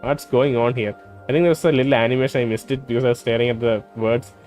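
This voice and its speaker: Guy doing let's play commentary, mid pitch, stops and restarts a lot, faint music under it. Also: fairly even intonation, fast talker, darkish tone. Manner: thinks aloud, hesitant with many uhs and restarts.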